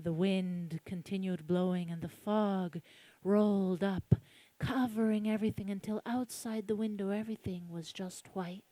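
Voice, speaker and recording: A Colombian woman telling a spooky folk tale aloud, hushed and dramatic, with suspenseful pauses. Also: medium pitch, fairly even intonation. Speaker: storyteller. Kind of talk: live oral storytelling.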